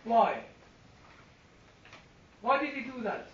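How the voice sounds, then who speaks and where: In a very high pitch and an unhurried pace, he runs a church Bible class, asking questions and cracking jokes at his own expense with animation. The sound comes from a distant room mic, echoey and a bit dull.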